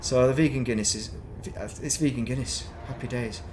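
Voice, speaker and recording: Man, middle-aged, rambling chatty streamer, self-mocking, mid pitch, faint background hum. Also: moderate pace. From northern England. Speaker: game streamer. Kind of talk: casual chat while streaming gameplay.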